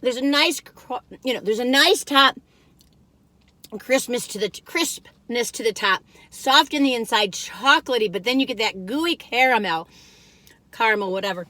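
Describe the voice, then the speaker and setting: During a casual cookie taste-test, this woman talks while chewing, makes savoring noises, and breaks into snippets of song and humming. Her fairly high voice has lively intonation, normal speed, and a bright, forceful tone. She's a chatty food reviewer, and the recording is dry.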